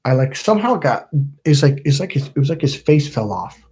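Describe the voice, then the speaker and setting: A man's voice: a little high, sing-song, fairly quick, darkish tone, husky. A middle-aged man from California hosting his channel, telling a rambling story with lots of swearing and acted-out quotes. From Napa, California. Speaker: channel host. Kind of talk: casual storytelling livestream.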